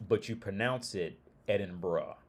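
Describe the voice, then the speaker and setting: A middle-aged man from Ohio talks in a deep, low voice. He chats loosely on a casual livestream, swearing freely and often restarting sentences. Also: normal speed. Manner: rambling, profane, loose restarts. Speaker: streamer.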